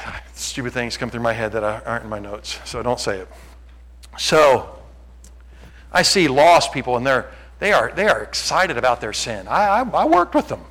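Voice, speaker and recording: A man preaching a sermon, joking with the congregation and acting out what people say, rising to near-shouts. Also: mid-range voice, low-quality recording. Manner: animated, jokey, acts out quotes, shouts at peaks. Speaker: pastor.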